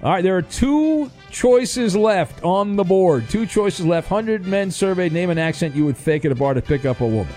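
A man hosting a call-in game show on his radio show, animated and jokey, stumbling over fillers. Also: high-pitched, normal speed, hardly any pauses, faint music behind.

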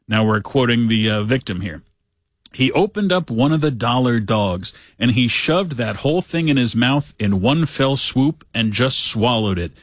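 A man hosting a talk show, reading a news story aloud with sarcastic asides and lively quoting. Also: mid-range voice, moderate pace, no room sound. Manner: sarcastic, animated when quoting others. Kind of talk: casual commentary reading news.

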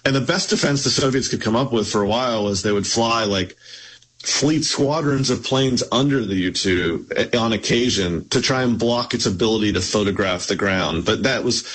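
A man with a low voice speaks as an author being interviewed. He explains at length and often restarts his sentences. A faint hum sits under the recording. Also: moderate pace, fairly bright tone, low-quality recording. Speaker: author guest.

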